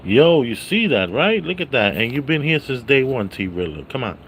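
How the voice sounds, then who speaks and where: A man reviewing a movie on a casual livestream, greeting viewers by name and loudly repeating his catchphrases. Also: mid-range voice, very animated, normal speed, slight background noise.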